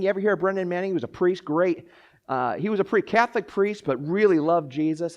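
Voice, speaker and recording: A man preaching with a high voice that jumps from quiet, hushed asides to near-shouted cries. He acts out the lines he quotes and often repeats and restarts his phrases, delivering a lively, animated sermon. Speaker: pastor.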